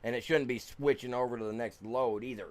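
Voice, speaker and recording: A man streaming a farming game, grumbling and muttering, then bursting out loud at the game. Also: mid-range voice, fairly even intonation, brisk. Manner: frustrated grumbling, swings between mutters and loud outbursts at the game; sings along off-key to music. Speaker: gaming streamer. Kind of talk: casual live-stream commentary.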